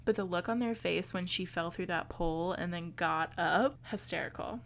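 A woman's voice: on the low side, moderate pace, gravelly, a little hiss or hum. A woman co-hosting a podcast, chatting casually about a film, swearing freely and acting out quotes. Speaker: podcast co-host.

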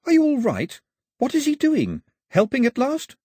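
A man's voice: fairly high pitch, wildly swooping pitch, normal speed, breathy edge, no room sound, studio quality, voice pushed up, exaggerated voice. A man voicing a cheerful, clueless young island man who asks eager questions, in an audiobook. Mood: cheery. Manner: chirpy, eager.

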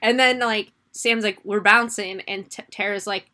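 A young woman co-hosting a casual movie review podcast, excitable and giggly, acting out characters' lines as she talks. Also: medium pitch, moderate pace. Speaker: podcast co-host.

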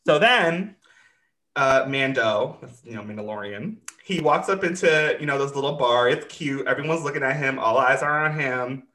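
A man's voice: mid-range voice, normal speed, roomy sound. A man hosting a casual recap chat, swearing freely and acting out the characters as he retells scenes. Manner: animated, swearing, acts out characters. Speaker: podcast host recapping a show.

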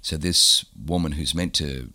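A man being interviewed, telling a personal story in an animated way and repeating phrases for emphasis. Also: rumbling low, a little slow. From born in Germany, raised in Australia. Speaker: guest, pastor.

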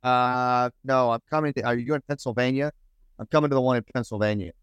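A man's voice: mid-range voice, steady tone, quick pace, clean tone, dry recording, dull audio. A man as an interview guest, asking eager questions in casual talk. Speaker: guest, retired army officer and playwright.

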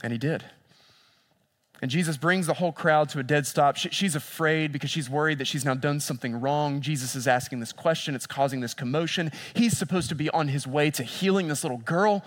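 A man preaching a sermon as a pastor. He moves between lively storytelling and hushed, intense passages, and repeats phrases for emphasis. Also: a little high, a little fast, few pauses.

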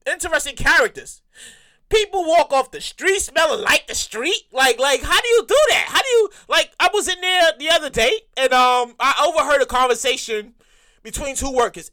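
A woman telling a casual storytime rant to her viewers, talking in an animated, exasperated way, repeating herself and swearing freely. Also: high voice. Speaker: vlogger telling a work story.

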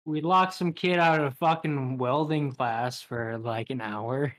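A man in his twenties co-hosting a podcast, recalling a school prank in relaxed, casual chat. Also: medium pitch, measured pace. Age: 20s. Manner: laid-back, brief reactions. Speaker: podcast co-host.

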